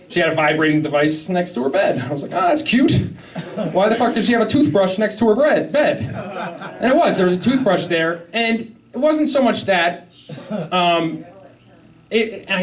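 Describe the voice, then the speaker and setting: A young man doing a rambling, self-deprecating stand-up set, swearing often and undercutting his own jokes. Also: sits high. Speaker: stand-up comedian. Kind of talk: open-mic stand-up set. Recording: live club mic, heard from a distance with audience. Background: crowd laughter.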